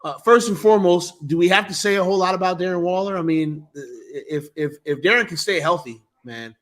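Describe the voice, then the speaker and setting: A man talks sports in a loose, joking way, swearing freely and circling back over his words. His voice sits high and sounds bright and forceful. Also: fairly quick. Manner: loud, joking, profane, repeats himself. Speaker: podcast co-host. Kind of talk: casual sports talk.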